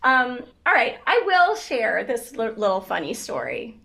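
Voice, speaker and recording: A woman in her fifties chats as an interview guest with a bright, high voice. She tells stories with lots of energy, laughing often and filling her speech with "like" and "um". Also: measured pace, creaky. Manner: animated storyteller, laughs often, many fillers. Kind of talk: casual interview chat.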